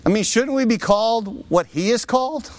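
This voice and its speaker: A man's voice: very high voice, moderate pace. A man preaching a sermon, with rhetorical asides to his listeners. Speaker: pastor.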